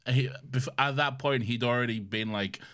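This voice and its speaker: A man's voice: mid-range voice, normal speed, a bit bright. A man co-hosting a podcast, chatting casually and emphatically, swearing often with rhetorical asides. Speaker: podcast co-host. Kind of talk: casual chat.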